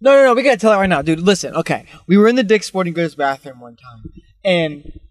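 A young man hosting a podcast, telling rambling, excited stories about youthful trouble and swearing freely. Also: sits high, fast talker, dry recording. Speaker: podcast host. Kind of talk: casual storytelling chat.

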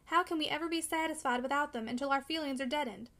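A woman's voice: sits high, fast talker, fairly bright tone. A woman reading the part of a discouraged young man who speaks impetuously and pleadingly. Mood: discontented. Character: discouraged, longing young man of twenty-one. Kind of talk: audiobook character reading.

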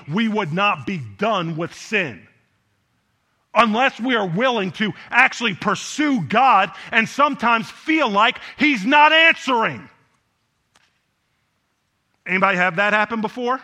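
A man's voice: high voice, lively intonation, a little slow, sharp tone. A man preaching a sermon in a conversational way, often tossing rhetorical questions to the congregation. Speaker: pastor.

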